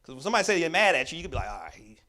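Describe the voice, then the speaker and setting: A man's voice: fairly high pitch, expressive, rapid-fire, sharp tone. A man presenting a workshop to a church audience, talking in an emphatic, repetitive preaching cadence with casual, conversational grammar. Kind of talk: teaching talk to a church audience.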